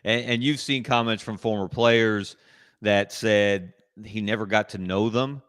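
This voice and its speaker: A man's voice: on the low side, fairly even intonation, fairly bright tone, smooth, no room sound. Analytical man on a dry call. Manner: measured, analytical, building points with lists. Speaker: guest sports columnist. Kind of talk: casual sports talk discussion.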